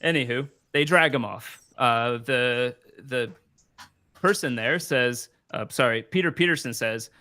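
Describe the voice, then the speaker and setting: A man's voice: mid-range voice, unhurried, pushed and bright, no echo. A man narrating as game master of a tabletop role-playing game, loose and laughing often.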